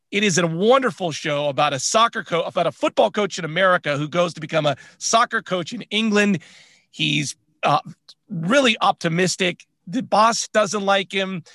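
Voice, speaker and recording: A man co-hosting a podcast, talking candidly in a relaxed, chatty way. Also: fairly high pitch, no room sound. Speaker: podcast co-host. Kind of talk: casual chat.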